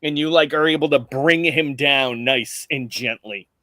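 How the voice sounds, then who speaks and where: A man's voice: mid-range voice, unhurried, fairly bright tone, dry recording. A man narrating as game master in a casual, descriptive way, laughing often, heard over a video call.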